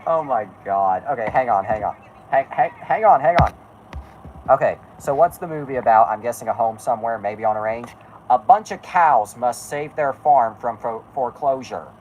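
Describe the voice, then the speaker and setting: A streamer reacting aloud to a video, loud and excitable, swearing and laughing a lot. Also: medium pitch, a little slow, long pauses, slight background noise, low-quality recording. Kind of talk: reacting while watching a video.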